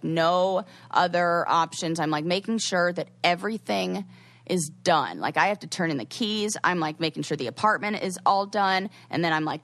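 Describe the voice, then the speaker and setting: A woman's voice: lowish voice, fairly bright tone, no room sound. A woman co-hosting a podcast, telling a story in a rambling, casual way full of "like.". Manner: rambling, heavy use of "like". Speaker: podcast co-host.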